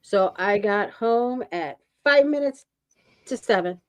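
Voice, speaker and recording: Woman co-host, slow and chatty, lays out her day step by step. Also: mid-range voice, lively intonation. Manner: chatty, recounts errands step by step. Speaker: co-host of a live chat show. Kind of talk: casual chat.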